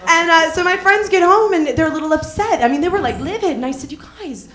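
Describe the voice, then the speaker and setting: A woman's voice: extremely high pitch, fast, echoey room, crowd noise. A young woman from Minnesota doing a stand-up comedy set on a club stage, sardonic and playful, laughing at her own jokes.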